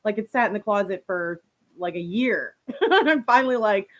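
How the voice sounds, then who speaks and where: A young woman from Canada runs a relaxed live stream, her medium-pitched voice expressive and at a normal speed. Reading comments and chatting warmly with viewers, she laughs often and peppers her talk with "like" and "you know."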